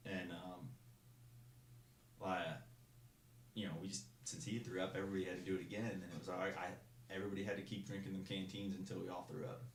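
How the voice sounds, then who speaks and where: Fast-talking, rambling low-voiced man. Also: little pitch movement, roomy sound, a little hiss or hum. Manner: rambling, with restarts and acted-out shouted quotes. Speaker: guest. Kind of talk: casual storytelling.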